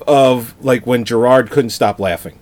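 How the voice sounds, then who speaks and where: A man co-hosting a podcast, telling relaxed stories and laughing easily in casual chat. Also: mid-range voice, unhurried, dry recording. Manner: laid-back storyteller, laughs easily. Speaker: podcast co-host. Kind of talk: casual movie-review chat.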